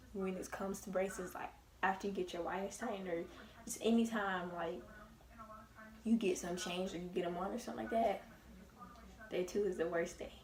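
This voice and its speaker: A young woman telling a story in a casual, animated and emphatic way. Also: lowish voice, distant mic. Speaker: vlogger. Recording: roomy, away from the mic.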